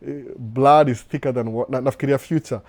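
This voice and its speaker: A Kenyan man in a casual livestream Q&A, his voice sitting in an ordinary middle register. He talks in an animated, loose way, repeating himself and breaking into laughter. He speaks close to a desk microphone. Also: medium pitch, fairly quick. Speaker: livestream host answering viewer questions. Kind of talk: casual live Q&A, mixing Swahili and English. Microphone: desk microphone with computer setup.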